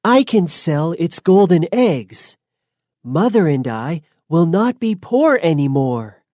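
A woman's voice: on the low side, very animated, takes it slowly, warm tone, dry recording, studio quality, heavily acted. A woman voicing Jack, an eager poor boy, in plain, earnest lines within a read-aloud storybook. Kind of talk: storybook reading.

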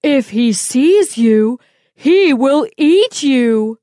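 A woman voicing a huge, protective giant woman in a read-aloud storybook, speaking loudly, slowly and emphatically. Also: sits high, expressive, no echo, clean studio sound, heavily acted. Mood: urgent. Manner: loud, slow and emphatic. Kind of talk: storybook reading.

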